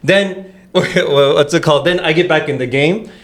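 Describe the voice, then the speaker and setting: A man's voice: a little high, normal speed. A young man on a casual podcast, telling a story with lots of laughter, repeated words and acted-out quotes. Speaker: podcast host.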